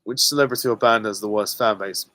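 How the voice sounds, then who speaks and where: A young British man hosting a live viewer Q and A, answering casually and candidly with many pauses and ums. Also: lowish voice, sharp tone, dry recording. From Britain. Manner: hesitant, many ums, candid and self-deprecating. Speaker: channel host answering viewer questions.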